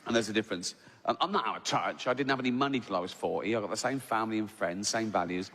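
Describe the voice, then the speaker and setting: A middle-aged English stand-up comedian with a lowish, slightly bright voice talks fast on stage in a large theatre. He's conversational and sweary, keeps checking in with the crowd with "right?" and acts out exasperated little scenes, all in a live hall with long reverb and faint ambience.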